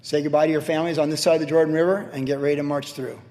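A man's voice: a little high, rapid-fire. Conversational male pastor in a reverberant hall. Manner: conversational, animated, asks "right?" often. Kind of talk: verse-by-verse sermon.

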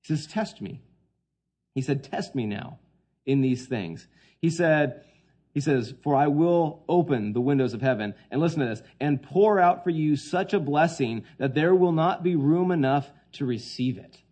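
A man preaching a sermon, swinging between hushed quoted lines and loud, emphatic points. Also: fairly high pitch, lively intonation, normal speed, breathy edge.

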